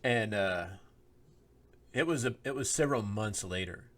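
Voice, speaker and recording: A man co-hosts a faith-themed podcast in easy conversation, with a lowish voice. He tells stories from his own life, slips into the voices of the people he quotes, and laughs easily. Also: lively intonation, measured pace, a bit bright. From Oklahoma. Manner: storytelling, acts out quoted lines, laughs often. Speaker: podcast co-host, minister. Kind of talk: casual chat, personal story. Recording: podcast microphone.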